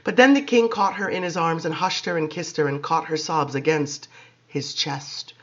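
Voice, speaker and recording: A man giving expressive, measured dramatic audiobook narration, on a dull lo-fi recording. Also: on the high side.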